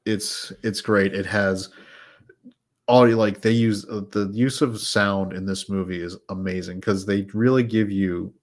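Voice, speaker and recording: A man's voice: lowish voice, steady tone, measured pace. A man hosting a podcast, chatting casually about films in a rambling way full of fillers and restarts. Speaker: podcast host. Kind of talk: casual chat reviewing films.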